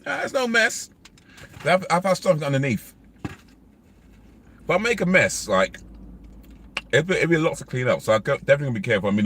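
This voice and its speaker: A man's voice: medium pitch, a bit bright, slight background noise. A man, vlogging in casual, rambling chat while eating in his car. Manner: rambling, chatty, many fillers. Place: inside a parked car.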